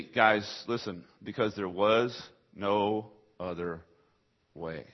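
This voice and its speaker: Husky-voiced guy preaching, goes quiet and low then loud and high, kinda dull lo-fi recording. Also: slow pace. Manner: dramatic swings between soft low passages and loud high rising questions; rhetorical call-and-response questions to the congregation. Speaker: pastor. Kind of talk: sermon.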